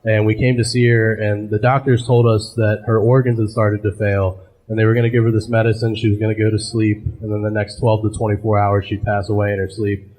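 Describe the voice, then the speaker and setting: A man doing a stand-up set on a club stage, telling dark family stories in an offhand, deadpan way full of fillers. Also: on the low side, a little fast. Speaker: stand-up comedian. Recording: live club with loud crowd laughter. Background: audience laughing.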